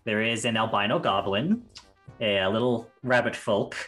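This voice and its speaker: A man's voice: lowish voice, normal speed, a bit bright. A man running a tabletop game as game master, narrating in a loose, chatty way full of restarts. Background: faint carnival music.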